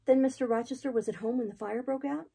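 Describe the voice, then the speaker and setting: Picture an earnest young governess, breathless with worry, pushing question after question in a raised, tense voice, as a woman reading aloud puts her on. Her tone sits higher than the reader's own, with a gravelly edge and a husky grain. It comes from a classic novel audiobook. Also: fast talker, mellow. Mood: urgent. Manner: urgent questioning.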